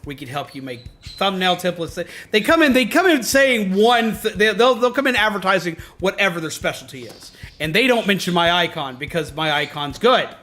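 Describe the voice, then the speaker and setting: A man's voice: sits high, expressive, fairly quick, hardly any pauses, sharp tone. A man streaming, ranting heatedly to his chat, swearing a lot and often stopping to restart or repeat himself. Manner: heated, profane, emphatic; self-interrupting, repeats himself.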